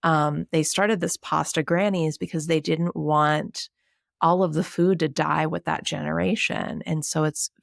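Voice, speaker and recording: A woman from New Jersey, a writer, chatting casually as a podcast guest in a relaxed, talky way. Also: low-pitched, measured pace, gravelly, dry recording, studio quality. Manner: chatty, relaxed, many "you know"s.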